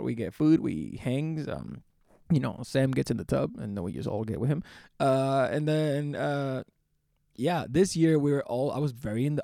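A young man from the Philadelphia area who co-hosts the show, telling stories in an excitable, animated way, swearing and laughing as he goes. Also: medium pitch, creaky, no echo, clean studio sound. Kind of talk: casual storytelling chat.

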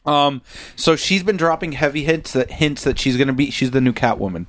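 A man's voice: medium pitch, brisk, a bit bright, dry recording. A man co-hosting a casual chat show, rambling through stories with frequent laughs and restarts. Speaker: podcast co-host.

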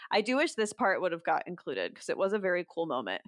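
A woman's voice: fairly low pitch, wildly swooping pitch, quick pace, no echo, clean studio sound. A woman guest on a podcast, telling a personal story in a casual, candid way, with frequent filler words and some swearing.

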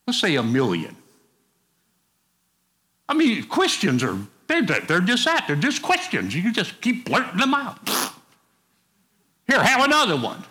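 Man, pastor, folksy conversational sermon, slightly high voice, animated pitch. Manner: folksy, conversational preaching with asides.

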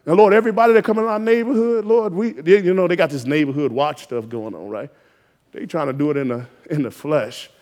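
Male preacher, high voice, fervent exhorting sermon delivery with loud peaks. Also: a little fast. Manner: exhorting, call-and-response rising to shouted emphasis.

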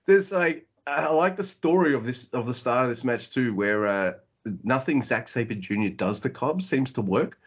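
Husky animated podcast guy. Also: mid-range voice, normal speed. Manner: animated, swearing, acts out quotes. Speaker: podcast co-host. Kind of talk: casual chat. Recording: dull lo-fi audio.

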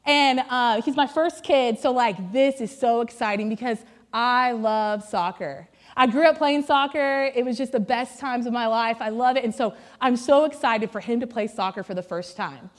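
A woman in her thirties with a high voice speaks from the stage to a church congregation. She preaches through humorous, self-deprecating stories, chatty and peppered with casual fillers. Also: normal speed, hardly any pauses. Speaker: pastor's wife giving a sermon. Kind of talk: humorous storytelling sermon.

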